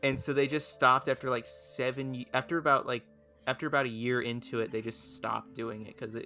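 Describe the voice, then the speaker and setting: A man's voice: mid-range voice, flat delivery, fairly quick, sharp tone, soft background music. Rambling young man on a podcast. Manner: rambling, many restarts and fillers. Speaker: podcast co-host. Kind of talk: casual podcast chat.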